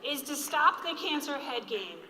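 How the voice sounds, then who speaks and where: A woman in her forties giving an earnest, motivational conference speech on a stage microphone, slowing down to stress key lines. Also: sits high, lively intonation, sharp tone. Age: 40s. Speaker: keynote speaker. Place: large hall with an audience. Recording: echoey hall reverb.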